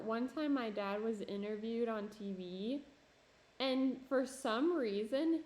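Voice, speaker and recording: A woman from New Jersey streaming while she works on pottery, chatty and self-deprecating, laughing often. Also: medium pitch. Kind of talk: casual livestream chat while working. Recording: roomy echo.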